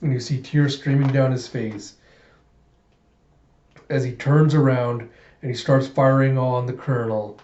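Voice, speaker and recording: Brief: man, casual comic readthrough, mellow voice, roomy slightly muffled recording. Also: mid-range voice, measured pace, long pauses. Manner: casual, excitable, laughs often. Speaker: comic reader.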